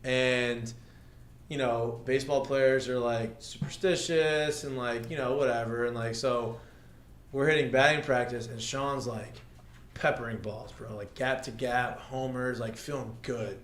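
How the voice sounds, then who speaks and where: A man's voice: medium pitch, steady tone, measured pace. A man hosting a podcast, telling a story in a casual, rambling way full of fillers. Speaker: podcast host. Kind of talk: casual chat. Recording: echoey room with faint noise.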